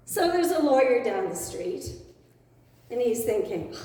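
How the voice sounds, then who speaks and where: A woman's voice: high voice, big pitch swings, moderate pace, dark tone. A woman telling a joke to a congregation as a playful storyteller, laughing along with her own punchlines. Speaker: speaker at a spiritual center service. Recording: echoey hall, voice from far off.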